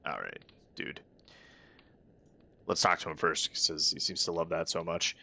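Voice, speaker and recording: A man's voice: low-pitched, fairly even intonation, unhurried, creaky, long pauses, sharp tone, no echo. A man hosting a let's-play, chatting casually with wry, self-aware asides. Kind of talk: casual game commentary.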